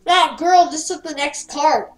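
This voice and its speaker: A woman chatting excitedly while playing a game, often gasping and giggling. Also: sits high, measured pace, distant mic, rough recording. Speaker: Roblox player. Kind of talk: casual gameplay chat.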